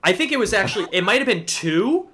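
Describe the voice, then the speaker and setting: A man co-hosting a casual livestream, telling a story in an animated way and swearing freely. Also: high voice, fast, background noise. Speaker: co-host.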